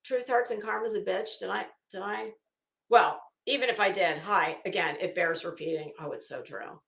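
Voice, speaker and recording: A woman's voice: mid-range voice, normal speed, gravelly, fairly bright tone, reverberant. A middle-aged woman from Florida with a Florida Southern accent, hosting a casual livestream, chatting frankly, swearing freely and greeting viewers by name. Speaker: livestream host.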